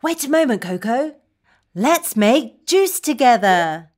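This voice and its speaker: A woman's voice: a little high, sing-song, slow, a little mellow. A woman teaching children English in a scripted cartoon lesson, talking in an exaggerated sing-song way that coaxes kids to repeat phrases.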